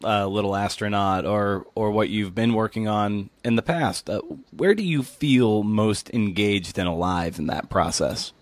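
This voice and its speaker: A man interviewing an author, asking measured, thoughtful questions with some hesitations. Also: lowish voice, dry recording. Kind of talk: podcast interview.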